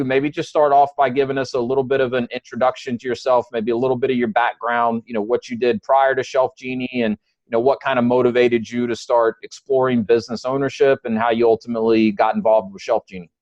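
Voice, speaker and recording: A man's voice: medium pitch, steady tone, fairly quick, darkish tone, no echo, highs cut off. A man with a Southern accent hosting a business webinar, talking in a friendly, loose way with many ums and uhs. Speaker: webinar host.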